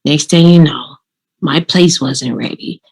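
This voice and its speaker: A woman speaks to her viewers in a casual, motivational vlog, telling her story with animation and plain, direct talk. Her voice sits a little low for a woman. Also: a little slow, creaky, darkish tone, slightly rough. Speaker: vlogger giving law of attraction tips.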